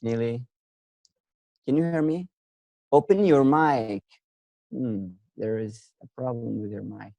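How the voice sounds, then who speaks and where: A man's voice: medium pitch, slow, gravelly, pauses often, no room sound, dull audio. Encouraging male teacher online. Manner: encouraging, repeats words while searching for them. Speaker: English teacher hosting an online class. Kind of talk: online lesson.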